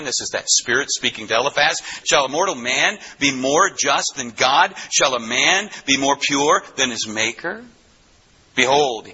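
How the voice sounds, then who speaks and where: A man preaching a sermon, teaching from the Bible with animated delivery and acted-out quotes. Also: medium pitch, husky, highs cut off.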